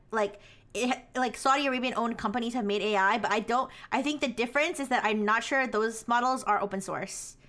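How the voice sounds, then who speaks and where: A woman streamer chatting casually to her viewers, rambling with lots of filler words and quick laughs. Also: on the high side, bright, forceful tone. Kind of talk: casual live-stream chat.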